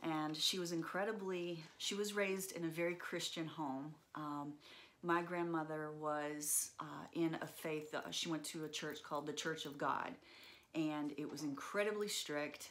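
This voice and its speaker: A woman's voice: low-pitched, fairly even intonation, a little slow, a bit bright. A woman telling a personal story in an earnest, reflective way, with frequent fillers.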